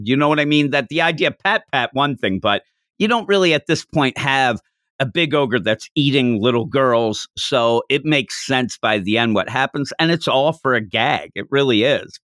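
A man's voice: mid-range voice, dry recording, clean studio sound. A man hosting a podcast, animatedly retelling a comic chapter in casual chat and slipping into the characters' voices. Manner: animated storyteller who acts out the characters' lines. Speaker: podcast host.

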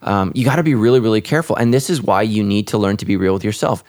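A man's voice: fairly low pitch, quick pace, darkish tone. A man who is a pastor and podcast host, talking earnestly, often repeating words and restarting. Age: adult with children. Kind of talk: casual podcast conversation.

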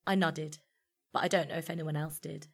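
A woman reading a first-person story aloud in a measured, intimate storytelling manner. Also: low voice, steady tone. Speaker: narrator.

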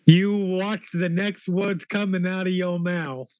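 High-voiced man in muffled call audio. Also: fairly even intonation, slow, dry recording. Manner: rambling, swears freely. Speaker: tabletop role-play player. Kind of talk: in-character role-play chat.

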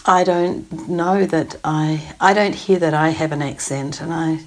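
A woman's voice: low-pitched, fairly even intonation, measured pace. A woman in her sixties with a New Zealand accent, a thoughtful, hesitant interview guest who laughs often. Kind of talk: casual conversation.

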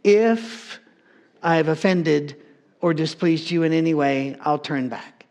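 A man's voice: on the high side, slow pace, darkish tone. A man doing a wheedling con-man prophet. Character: scheming male con man prophet, defensive.

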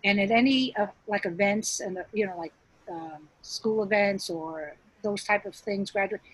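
A woman's voice: mid-range voice, normal speed, breathy edge, low-quality recording. A middle-aged woman, a stand-up comedian, telling stories in a casual interview, chatty, with many restarts and acted-out quotes.

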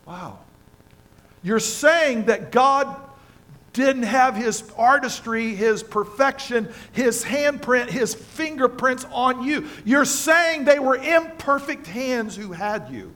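A man's voice: extremely high pitch, animated, slow pace, a bit bright. A man preaching a sermon as pastor in a church, emphatic and passionate, repeating phrases for stress. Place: church sanctuary with congregation.

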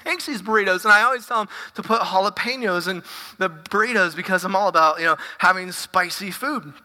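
A woman pastor giving a casual, animated sermon, stumbling over and repeating words as she goes. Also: mid-range voice, brisk. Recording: long reverb of a large hall.

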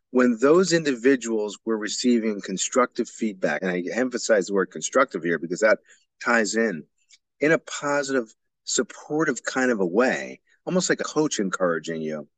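Guy with a lowish voice doing a solo teacher podcast, earnest and explainy, dry sound. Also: no room sound. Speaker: podcast host. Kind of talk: solo educational podcast talk.

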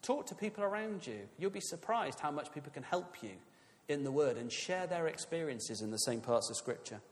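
A man's voice: a little high, animated, brisk, long reverb tail. A man preaching a sermon in a conversational, emphatic way, with friendly asides to his listeners.

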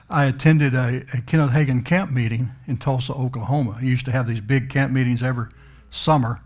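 A man's voice: medium pitch, darkish tone. A middle-aged man preaching, telling a story in a folksy, emphatic way. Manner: folksy, emphatic, swells up on key words. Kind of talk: storytelling sermon.

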